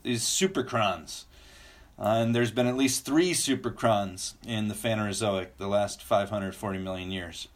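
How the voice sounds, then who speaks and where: A man explaining the reversals of the magnetic field as a guest, in measured and clear sentences. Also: on the low side. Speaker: geophysicist guest. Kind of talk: explanatory conversation.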